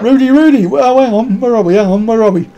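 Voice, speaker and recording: A man's voice: high-pitched, quick pace, lo-fi sound, noisy background. A man hosting a casual live stream, rambling and joking as he greets viewers by name and answers their comments.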